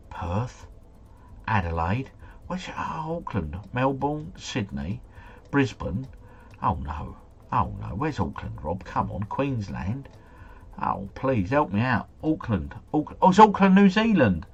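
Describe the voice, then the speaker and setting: Man, low husky voice, lively up-and-down delivery, casual live commentary, chatty and thinking aloud. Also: dull audio. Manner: chatty, thinking aloud, excitable swings in loudness. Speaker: streamer playing a geography guessing game.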